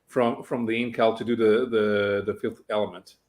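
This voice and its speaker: A man's voice: lowish voice, level tone, normal speed, a little mellow. A man joining a casual chat about comics, asking questions that he stumbles into and chuckling as he talks. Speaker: guest.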